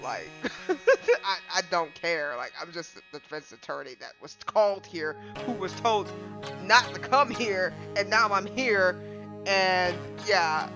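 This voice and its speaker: A female streamer chatting casually over a game, rambling and cracking jokes. Her pitch jumps around a lot, and game music plays underneath. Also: lively intonation, slow. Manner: joking, rambling, laughing asides.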